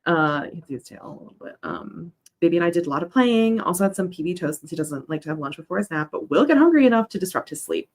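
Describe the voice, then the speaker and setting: A woman's voice: fairly low pitch, very animated, quick pace, a little mellow. Chatty young woman streaming at her desk. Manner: chatty and rambling, reads chat aloud, coos at her dog. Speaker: writing livestream host. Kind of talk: casual chat during a co-working stream.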